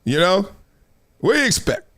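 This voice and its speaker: A man hosting a casual live-stream commentary show, animated and often laughing as he mocks the people he talks about. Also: high-pitched, normal speed. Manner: animated, laughing, mocking impressions. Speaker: host.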